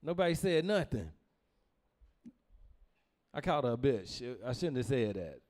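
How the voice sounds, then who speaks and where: A young man telling stand-up stories, animated and laughing through his lines as he acts out his family. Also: medium pitch, moderate pace. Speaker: stand-up comedian. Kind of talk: stand-up storytelling.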